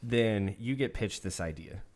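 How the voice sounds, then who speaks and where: A man's voice: fairly low pitch, expressive, a little slow, darkish tone, slight background noise. A man hosting a podcast, asking a guest curious questions in a casual interview. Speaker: podcast host.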